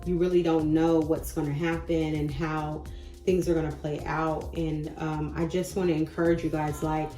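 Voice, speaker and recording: A woman in her thirties talking casually and encouragingly to camera about faith and change, chatty and goofy, with sudden loud bursts. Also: low-pitched, flat delivery, normal speed. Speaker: spiritual vlogger. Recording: echoey room with faint music.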